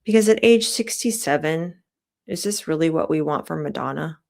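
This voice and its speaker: Low-voiced chatty woman vlogger. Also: moderate pace, creaky, a little mellow. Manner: chatty, opinionated, many fillers. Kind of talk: casual vlog commentary.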